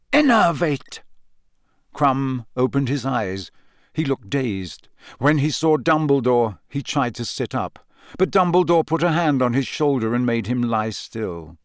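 A man narrates a story with lively, expressive intonation. The recording is dry and close, with no room sound. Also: medium pitch, moderate pace, no echo. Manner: expressive, varied. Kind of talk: audiobook narration.

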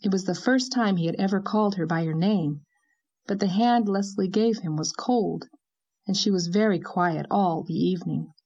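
A woman with a low voice narrates a classic novel. Her reading is measured and gently expressive. The recording sounds dull and lo-fi. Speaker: audiobook narrator.

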